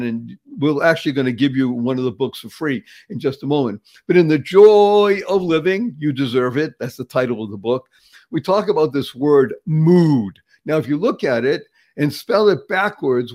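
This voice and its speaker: A man's voice: fairly high pitch, expressive, normal speed, darkish tone. A man in his seventies from the Boston area, talking as an interview guest in an emphatic, upbeat motivational style, repeating words for effect and laughing often. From Boston area, USA. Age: 70s.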